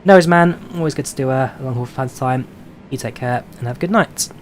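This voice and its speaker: In a mid-range voice and at a fast clip, a man with a London accent chats casually on his live stream while flying a simulator. He's a flight sim streamer from London, England, reading viewer questions aloud and answering them with many filler "uh"s. Slight background noise is audible.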